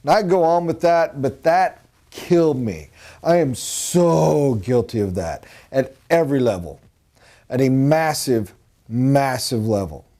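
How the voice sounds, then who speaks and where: A man's voice: medium pitch, expressive, a little slow, warm tone. A middle-aged man giving a rambling, earnest motivational talk as a sales trainer.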